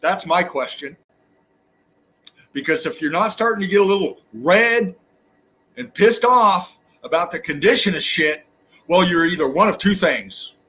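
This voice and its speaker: Man, angry ranting monologue, high voice, husky, profane, preachy. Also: animated, a little slow, sharp tone. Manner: profane, fiery, preachy rant. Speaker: channel host.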